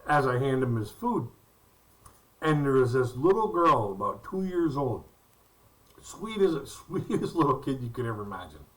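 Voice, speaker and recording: A man's voice: mid-range voice, sing-song, normal speed, fairly bright tone, recorded from a distance, rough recording. Folksy man telling work stories. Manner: rambling, folksy anecdotes with acted-out quotes. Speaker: stand-up comedian. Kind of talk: storytelling stand-up routine.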